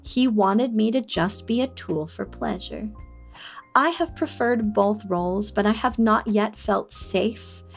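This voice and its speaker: Young woman streamer spilling a story to chat, candid, quiet music underneath. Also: unhurried. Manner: candid and confiding, bursts into high excited squeals at chat. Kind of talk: casual livestream chat, telling a personal story. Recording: faint music behind.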